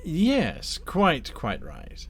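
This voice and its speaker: A man voicing a smooth, scheming male devil dealmaker who talks with polite, silky menace. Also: fairly high pitch, wildly swooping pitch, drawn-out words, a bit bright, voice pushed up, exaggerated voice.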